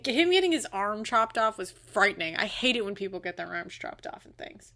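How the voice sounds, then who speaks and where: An animated woman co-hosts a casual film podcast. She laughs a lot, swears freely and gets carried away when she talks about a movie. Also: medium pitch, moderate pace. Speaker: podcast co-host.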